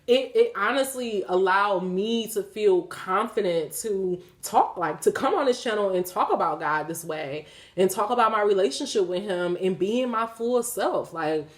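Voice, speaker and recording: A woman's voice: medium pitch, moderate pace. A woman in her thirties talking candidly to her viewers about faith, swearing freely and laughing as she goes. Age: 30s. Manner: profane, animated, laughing, talks straight to viewers. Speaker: spiritual vlogger. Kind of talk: candid spiritual talk to camera.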